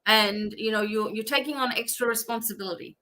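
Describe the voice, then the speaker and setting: A woman's voice: fairly high pitch, fairly even intonation, fairly quick, pushed and bright. A woman hosting a live-stream psychic reading, chatty and instructive, with many fillers. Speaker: psychic reader.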